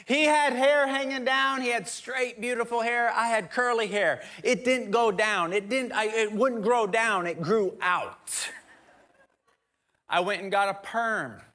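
A man preaching a sermon through personal stories, dropping to a soft near-whisper for emphasis. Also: very high voice, measured pace.

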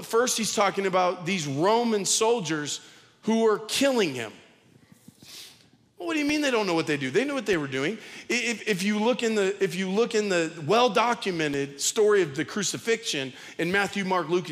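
A man preaching a sermon with a fairly high voice, talking casually and restarting his phrases as he goes. His words carry a long hall reverb. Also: fairly bright tone. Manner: conversational preaching, repeats words, acts out quotes. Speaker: pastor.

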